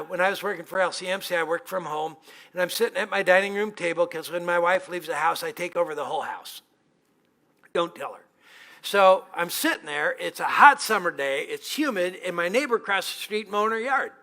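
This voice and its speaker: Bright-voiced middle-aged pastor telling stories. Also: male voice, high-pitched. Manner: humorous, anecdotal, conversational. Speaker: guest pastor. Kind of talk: storytelling sermon. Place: church.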